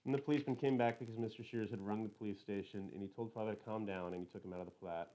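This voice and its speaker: A man reading a first-person novel aloud in a plain, literal, even manner. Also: fairly low pitch, racing, poor audio. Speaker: audiobook reader.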